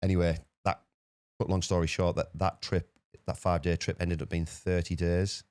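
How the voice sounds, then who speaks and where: A podcast guest from the UK, this man has a low-pitched voice and tells his anecdote rapidly and animatedly in a casual manner, often repeating words. No room sound is present.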